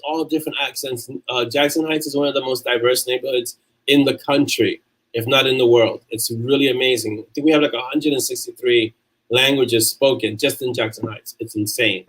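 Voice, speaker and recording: A man with a New York accent and a mid-range voice hosts a casual livestream, reading viewer comments aloud and answering them chattily. The audio quality is poor.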